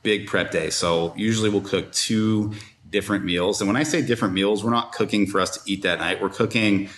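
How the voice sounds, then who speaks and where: A man with a low voice talks in a relaxed, practical way as a podcast guest. The room gives his voice a roomy echo. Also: a little fast. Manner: relaxed, practical, many fillers. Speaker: strength coach, guest. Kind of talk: casual interview chat.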